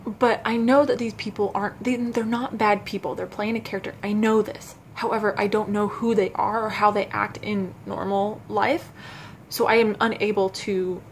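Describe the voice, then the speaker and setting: A young adult woman vlogging to camera, telling a personal story in a halting, self-conscious way with frequent restarts. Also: mid-range voice, slight background noise.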